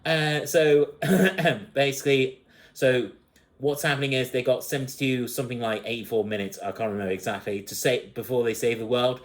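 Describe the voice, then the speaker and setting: A man chatting through a film review in a loose, rambling way, his voice sitting at an ordinary middle pitch. He leans on fillers and restarts and keeps breaking into giggling laughs as he recounts scenes. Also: fairly even intonation, normal speed. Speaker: movie reviewer. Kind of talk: casual spoken movie review.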